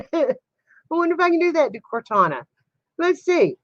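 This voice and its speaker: A woman's voice: very high voice, fairly bright tone, no echo, highs cut off. A woman hosting a casual live stream from her home computer, chatting with viewers and laughing helplessly. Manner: giggly, keeps laughing helplessly.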